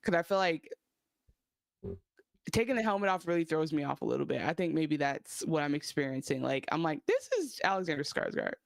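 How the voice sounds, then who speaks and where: A woman's voice: low voice, fairly quick, creaky, no echo. Thoughtful woman co-host, dry mic. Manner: thoughtful, hesitant with fillers. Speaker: podcast co-host. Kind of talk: casual TV recap chat.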